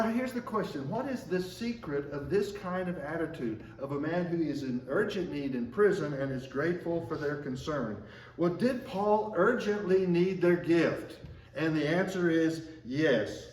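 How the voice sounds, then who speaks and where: A man preaching a sermon at a measured pace, slowing down when he quotes scripture. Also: fairly high pitch, animated, darkish tone, recorded from a distance, a little hiss or hum. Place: church sanctuary. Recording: echoey room, mic from afar.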